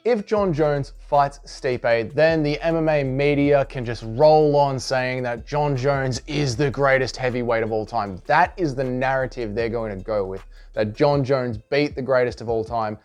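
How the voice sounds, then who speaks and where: A man hosting his own channel, giving casual opinion commentary in an animated, emphatic way. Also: medium pitch, a little slow, smooth. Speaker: host and commentator.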